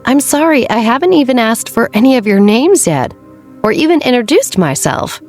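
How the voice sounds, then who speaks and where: A woman voicing a sweet, polite teenage girl exchange student who talks softly and earnestly. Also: on the high side, big pitch swings, moderate pace, soft background music, pitched above the performer's own voice. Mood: apologetic. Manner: soft, earnest and apologetic.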